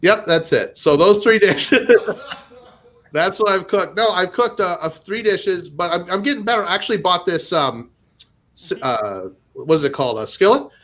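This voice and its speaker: A Minnesota man in his forties performs stand-up, rambling and self-deprecating, laughing at his own lines between fillers. His expressive voice sits high, with a fairly bright tone and normal speed.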